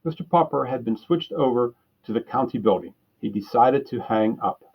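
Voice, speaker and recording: Husky man reading a children's book aloud. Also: mid-range voice, moderate pace, lo-fi sound. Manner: steady, plain narration with throat clearing. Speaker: storyteller.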